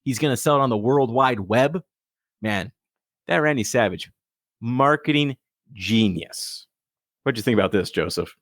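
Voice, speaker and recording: A man hosting a podcast in casual chat, joking and throwing in quick asides. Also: mid-range voice, fairly bright tone, dry recording, clean studio sound. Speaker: podcast host.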